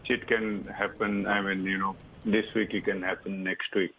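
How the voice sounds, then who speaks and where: A man with an Indian English accent, a bank treasury advisor, answering on the phone with many halting fillers. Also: low voice, flat delivery, fairly bright tone, slight background noise. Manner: hesitant, many filler sounds. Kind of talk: interview answer on currency. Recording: tinny phone line.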